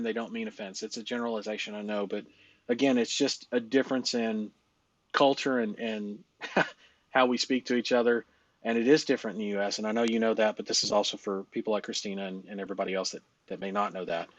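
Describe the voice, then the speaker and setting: A man's voice: on the low side, dry recording, dull audio. A man coaching in a casual, blunt way. He swears a lot, laughs often and uses many fillers. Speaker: live-stream business coach.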